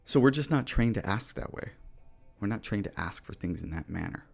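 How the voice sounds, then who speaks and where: A man's voice: fairly low pitch, animated, fairly quick, gravelly, soft background music. A podcast host talking earnestly and directly to the listener as he gives motivational advice. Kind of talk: motivational talk.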